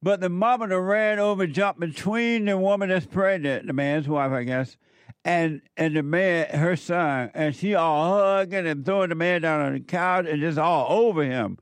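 A man's voice: a little high, moderate pace, clean tone, dry recording. Preachy radio host man, dry sound. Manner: preachy, emphatic, repeats phrases. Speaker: radio talk show host. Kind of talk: call-in radio talk.

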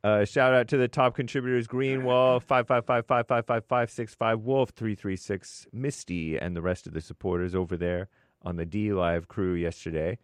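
Low-voiced man reading donor shout-outs. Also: fairly even intonation, moderate pace, dry recording. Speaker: co-host reading donor messages. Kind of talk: reading viewer messages aloud.

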